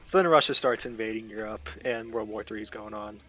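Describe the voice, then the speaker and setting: A man's voice: fairly low pitch, a little fast, a bit bright, faint music behind. A young man casually recapping game lore, rambling and slangy with a joking edge. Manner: rambling, loose slangy storytelling with fillers. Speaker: host explaining game lore.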